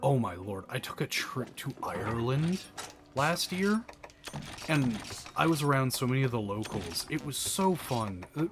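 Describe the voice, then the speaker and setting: A man's voice: medium pitch, very animated, unhurried. Playful man narrating a game over music. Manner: playful, jokey, mock-grand announcements. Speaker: gaming channel host. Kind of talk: let's play commentary.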